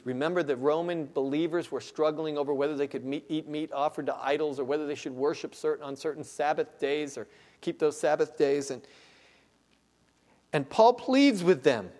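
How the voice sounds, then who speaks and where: A man preaching a sermon as pastor, dropping to hushed low asides and then building to loud, slow, rising exclamations. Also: long reverb tail. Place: church sanctuary.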